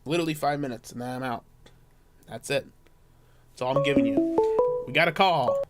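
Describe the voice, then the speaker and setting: A man from the United States hosting a casual call-in podcast, easygoing and halting, often repeating himself. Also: mid-range voice, over loud music. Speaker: podcast host.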